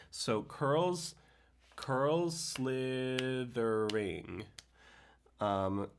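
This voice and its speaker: A man teaching how to set a poem to music, thinking aloud with many pauses and fillers, sometimes speaking words slowly in rhythm. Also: medium pitch. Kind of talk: screen-share tutorial on setting a poem to music.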